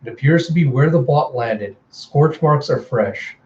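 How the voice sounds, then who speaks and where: A man voicing a grim, protective father on the run, speaking low, urgent and terse. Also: animated, unhurried, darkish tone, echoey room, lo-fi sound, slight background noise.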